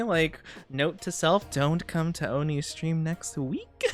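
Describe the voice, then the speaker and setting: A woman's voice: mid-range voice, very animated, slow, faint music behind. A young woman streamer talking casually while sick and dizzy, giggly, rambling and self-conscious. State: sick, dizzy, under the weather. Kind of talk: casual chat.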